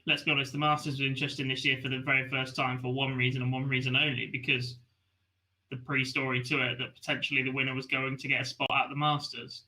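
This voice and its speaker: A man with a very bright, sharp-edged voice, co-hosting a darts stream. He teases his co-hosts with dry jokes. His banter stays loose and casual. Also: mid-range voice, little pitch movement, fast talker, low-quality recording. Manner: teasing, joking banter. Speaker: co-host of a live online darts stream. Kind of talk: casual live stream chat.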